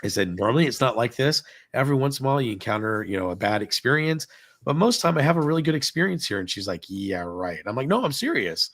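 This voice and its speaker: A middle-aged man casually telling a long story on a podcast, acting out what everyone said with lively shifts. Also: mid-range voice, racing, no room sound. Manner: animated retelling, acting out dialogue.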